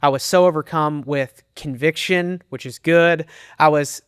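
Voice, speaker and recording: This middle-aged associate pastor and men's minister gives an earnest, candid personal testimony in an interview, pausing with emotion as he tells his story. His voice is on the high side, steady, a bit bright and clean, captured in clean studio sound with no echo.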